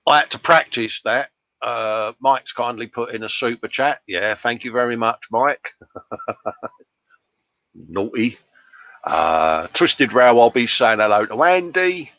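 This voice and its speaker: The matey British host, speaking slowly in a mid-pitched, slightly bright voice, laughs often and reads viewer comments during his live workshop stream at his bench at home. There's no echo, and the recording sounds dull and dry.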